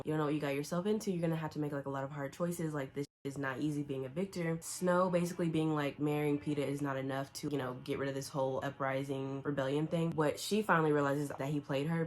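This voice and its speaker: A young woman recapping a book in a casual vlog, chatty and full of "like" fillers, acting out the characters' lines as she goes. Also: deep voice. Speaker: book vlogger.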